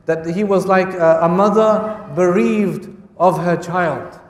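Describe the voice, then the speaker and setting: A man gives a historical storytelling lecture, weaving Arabic quotes into English and repeating phrases for emphasis. His voice is high. It is picked up from a distance, with a long reverb filling a large hall. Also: slow, hardly any pauses. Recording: echoey hall from far off.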